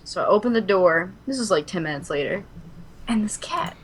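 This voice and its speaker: A woman from Kentucky, co-hosting a podcast, telling a story in casual chat, animated and dramatic, swearing freely. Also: medium pitch, a little fast, a little hiss or hum. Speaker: podcast co-host.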